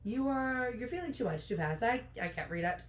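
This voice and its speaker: A woman's voice: on the high side, lively intonation, fairly quick, natural voice. A woman reading aloud from a novel, voicing an ancient cryptic creature with stained teeth. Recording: roomy echo.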